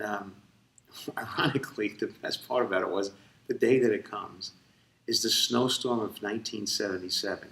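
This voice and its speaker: A middle-aged man, telling a rambling story in a casual interview, tired and full of fillers. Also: fairly low pitch. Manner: rambling, animated, many fillers and restarts. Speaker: ventriloquist interviewee. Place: convention room. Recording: echoey room, voice from far off.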